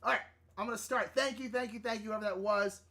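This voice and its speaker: A man hosting a live drawing stream, chatting casually and rambling, easily excited and flustered. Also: high-pitched, quick pace, creaky. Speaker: livestream artist host. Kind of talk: casual livestream chat while drawing.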